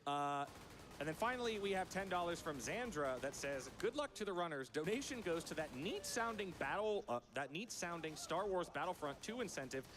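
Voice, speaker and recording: A man's voice: sits high, very animated, normal speed, background noise. A man hosting a live charity stream, reading donation messages aloud in an upbeat, playful way. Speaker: event host reading donations.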